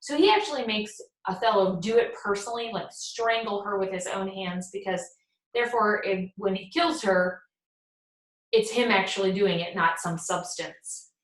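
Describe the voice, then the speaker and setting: A woman teacher talks through a play in a relaxed, conversational lecture, stopping to read quoted lines in a plain voice. Her pitch sits in the middle range for a woman. The room around her rings with echo. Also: moderate pace. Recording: echoey room.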